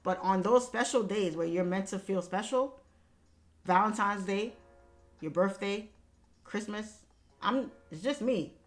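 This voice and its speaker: A woman's voice: mid-range voice, measured pace, long pauses, soft background music. A young woman livestream host telling a personal family story in casual talk, candid and emphatic, swearing freely. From Haitian family background.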